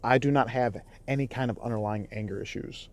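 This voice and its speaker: A young man vlogging loud and profane, his voice heated and full of restarts. He speaks at a middle pitch, and the recording is dry and close. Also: fairly quick, vocal fry, dry recording. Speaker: YouTuber. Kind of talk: casual vlog recounting.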